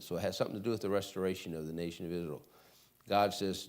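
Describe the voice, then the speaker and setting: Deep-voiced man teaching Bible class. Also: fairly even intonation. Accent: Michigan American. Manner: reads verses slowly and loudly, chats asides. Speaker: Sunday school teacher. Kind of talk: Bible lesson reading scripture aloud. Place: church classroom.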